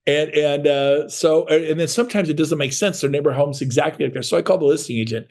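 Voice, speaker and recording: A middle-aged man coaching real estate agents in a motivational sales talk, blunt and energetic, acting out little dialogues. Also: fairly high pitch, a little fast.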